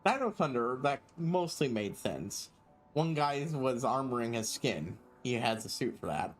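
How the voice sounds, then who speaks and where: A man's voice: mid-range voice, sing-song, measured pace, soft background music. A man streaming a game, rambling casually with lots of fillers. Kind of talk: casual gameplay commentary.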